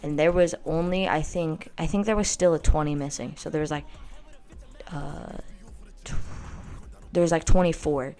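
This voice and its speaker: A teenage girl spins a story-time tale in a low voice, rambling and stuffed with "like". She talks in a blunt, boastful way, with casual asides. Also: fairly even intonation, normal speed, long pauses, mellow, faint music behind. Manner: rambling, filler-heavy with constant "like".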